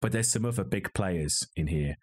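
Guy, low husky voice, jokey film chat, goes off on tangents. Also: animated, normal speed, a little mellow. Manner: wry, joking, rambling asides. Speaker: podcast co-host. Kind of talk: casual film review chat. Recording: slightly glitchy video call audio.

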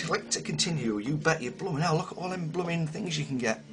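A man hosting a casual game commentary, rambling and self-mocking with sudden exclamations, his voice a little hoarse. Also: on the high side, quick pace, few pauses. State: slightly hoarse voice. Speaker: gaming video host. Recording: game music behind voice.

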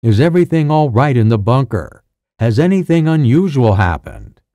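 A man's voice: mid-range voice, big pitch swings, moderate pace, warm tone, no room sound, clean studio sound, close to an everyday voice. A male narrator voicing a tense soldier officer who gives insistent orders over a radio. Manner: commanding, insistent.

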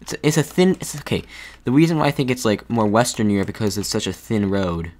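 A man's voice: lowish voice, animated, fast talker, a little mellow. A man giving thinking-aloud commentary while playing a geography game, hesitant and full of restarts. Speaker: gaming video creator.

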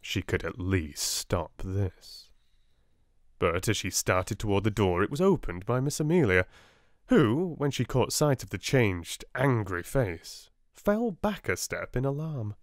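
A soft-spoken British man reading a storybook aloud, slow and gentle, his pitch rising and falling with the story. The recording is dry and close. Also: big pitch swings, dry recording. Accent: British English. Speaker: audiobook reader.

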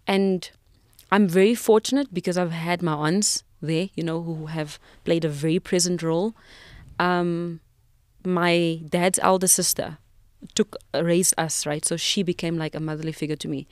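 A woman's voice: fairly low pitch, steady tone, normal speed, a little mellow, no room sound, clean studio sound. A South African woman in her thirties, a podcast guest, tells a personal story with emotion, reflection and frequent restarts.

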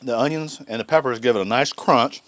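A man's voice: medium pitch, fairly quick, a bit bright, no echo. A man hosting a casual cooking vlog, folksy and enthusiastic. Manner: folksy and enthusiastic, Southern phrasing. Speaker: cooking channel host. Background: griddle sizzling.

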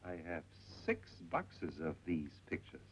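An actor playing an ingratiating male shop owner who talks in a coaxing, flattering way, in 1930s film acting. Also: deep voice, unhurried, breathy edge, exaggerated voice, poor audio. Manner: coaxing, flattering, sing-song.

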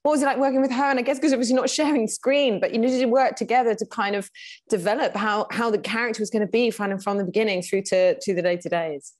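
A woman's voice: fairly high pitch, steady tone, quick pace. A woman interviewing an actress, chatty and friendly, with hedges and fillers between her questions.

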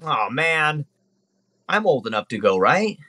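A man's voice: on the high side, big pitch swings, a little slow, sharp tone, exaggerated voice. A man voicing a petulant young man who whines and sulks. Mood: whiny. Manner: whiny, sulky.

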